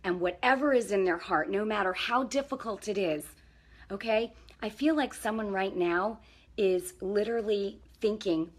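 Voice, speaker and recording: A woman's voice: medium pitch, moderate pace. Woman, middle-aged, parenting coach, casual faith-based talk to camera, earnest, encouraging, mid-range voice. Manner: earnest and encouraging, checks in with the viewer.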